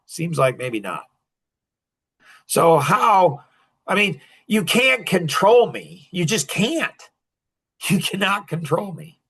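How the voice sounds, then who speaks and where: Guy coaching a group, high bright voice, blunt and scolding. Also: sing-song, slow, pauses often, breathy edge. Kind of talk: lecturing a group.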